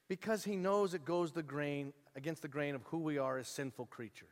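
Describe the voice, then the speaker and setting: Animated high-voiced preacher in a reverberant hall. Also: male voice, a little fast. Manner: animated storytelling, acting out the characters' voices. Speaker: pastor. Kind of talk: sermon.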